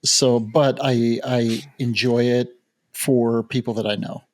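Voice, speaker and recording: A man in his fifties, a guest wildlife photographer, chatting on a podcast with dry jokes at an unhurried pace. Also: mid-range voice, little pitch movement. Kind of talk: casual podcast chat.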